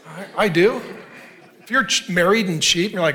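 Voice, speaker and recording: A man in his fifties, a pastor preaching an earnest, conversational sermon with quick asides. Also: high-pitched, expressive, sharp tone. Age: 50s.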